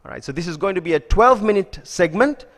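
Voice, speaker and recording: A man introducing a speaker as the event host, brisk and full of filler words. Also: sits high, lively intonation. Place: lecture hall. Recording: reverberant hall.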